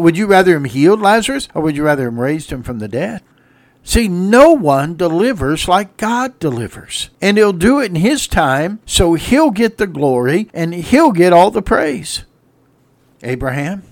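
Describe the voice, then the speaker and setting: A fiery male preacher with a slightly high voice, swinging between hushed lines and loud shouts. He slips into sung hymn phrases between points. The sound is close and dry. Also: no room sound. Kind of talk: sermon.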